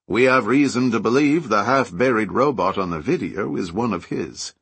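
An earnest scientist pressing his case calmly and persuasively, as a male narrator reads him. The voice is low and slightly husky. It sits in a dry, close recording. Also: normal speed, dry recording, full character voice.

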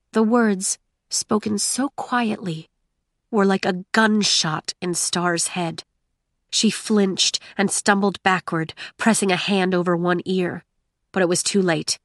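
A woman's voice: fairly low pitch, no echo, clean studio sound. Woman narrating an audiobook.

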